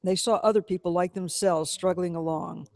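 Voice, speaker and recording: A man giving a measured, dramatic reading of a novel. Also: high voice, steady tone, vocal fry, a little mellow, no room sound. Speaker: reader.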